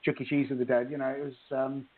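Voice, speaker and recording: A man's voice: mid-range voice, level tone, fast talker. A man, an author chatting casually on a podcast and reading from a book, rambling with many restarts. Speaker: author guest. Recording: tinny phone-like call audio.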